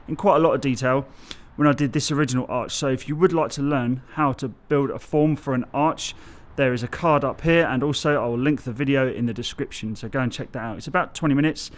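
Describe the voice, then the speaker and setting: A man's voice: medium pitch, fast talker, few pauses. A man, chatting casually on an outdoor building site and explaining his bricklaying, often losing his thread and correcting himself. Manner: chatty, loses his train of thought, self-corrects. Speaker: bricklayer vlogger.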